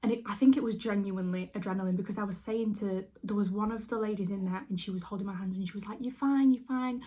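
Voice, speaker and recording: Young woman, casual vlog storyteller, chatty, mid-pitched, filler-heavy delivery. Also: fairly even intonation, quick pace, mellow. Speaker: beauty vlogger.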